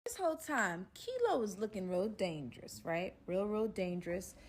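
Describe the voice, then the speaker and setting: A woman telling a casual storytime recap in an animated, slangy way, acting out other people's lines as she goes. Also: mid-range voice, moderate pace, a little hiss or hum. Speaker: storyteller vlogger.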